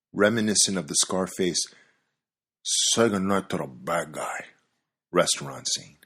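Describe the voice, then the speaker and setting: A man's voice: extremely low pitch, a bit bright, husky. A man hosting a podcast, reading scripted narration with wry, dry-humored storytelling. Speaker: podcast host.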